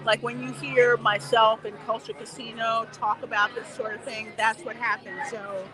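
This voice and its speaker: A high-pitched woman chats with her livestream viewers while she strolls an outdoor theme park line. She laughs easily and answers comments as she goes. A busy crowd murmurs all around her phone mic. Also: flat delivery, moderate pace. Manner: chatty, laughing, talks back to viewer comments. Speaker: livestream host. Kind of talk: casual livestream chat while walking a theme park queue. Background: crowd chatter.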